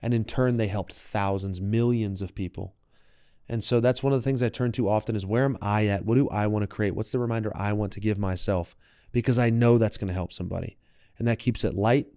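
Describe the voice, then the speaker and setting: Guest casting: young man, wellness coach, reflective and animated; low, smooth, mellow voice, dry close sound. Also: brisk, no echo. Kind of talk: casual podcast conversation.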